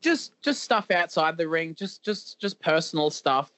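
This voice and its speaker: Halting man with a slightly high voice. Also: lively intonation, a bit bright, no room sound. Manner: halting, repeats words, many fillers. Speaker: professional wrestler guest. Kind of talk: candid interview talk.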